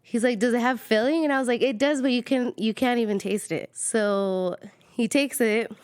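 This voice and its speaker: A woman's voice: on the high side, normal speed, a little mellow, clear, resonant tone, no echo, studio quality. A woman telling a cheeky story in a casual podcast chat, playful and often laughing.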